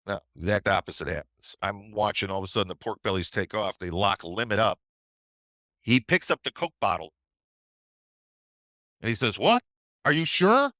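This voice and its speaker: A middle-aged man tells a trading story on a webinar in a loose, conversational way and often checks in with "right?". His voice is low and forceful. The sound is dry and close. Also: moderate pace, long pauses, no room sound. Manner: conversational, with tag questions. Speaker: trading educator.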